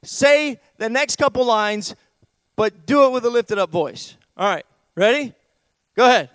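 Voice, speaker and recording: A man preaching a sermon as pastor, swinging from hushed asides to loud, raised declamation. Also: very high-pitched, lively intonation, measured pace, clear, resonant tone, dry recording.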